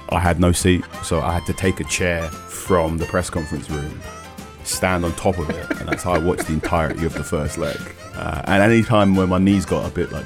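Man, very low voice, animated story, clear music behind. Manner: animated anecdote. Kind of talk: casual storytelling.

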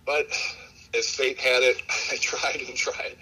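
A man tells long, rambling stories about breeding dogs in an easy conversational flow, often circling back with "you know" and restarts. His voice is bright and forward, with a noticeable husky grain, at a mid pitch. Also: slow, low-quality recording. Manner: rambling, relaxed, many fillers and restarts. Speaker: dog breeder, interview guest. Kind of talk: casual storytelling in an interview.

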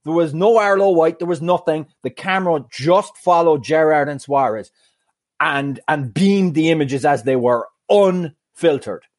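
A man in his mid-thirties co-hosting a podcast, telling an anecdote in a lively way and acting out other voices. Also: a little high, measured pace. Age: mid-30s. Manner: animated storyteller who acts out other voices. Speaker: podcast co-host. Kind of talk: casual chat, anecdote.

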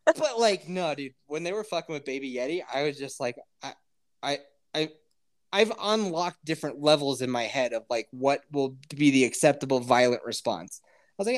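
A man in his thirties tells a long story in casual podcast chat. His pitch moves all over the place, and his talk is profane and full of laughter. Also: moderate pace. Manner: profane, animated, laughs often.

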